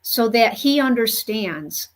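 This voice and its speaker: A woman medium telling a story in an earnest, unhurried way, with many "you know" fillers. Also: fairly high pitch, animated. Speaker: spiritual medium. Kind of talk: storytelling monologue.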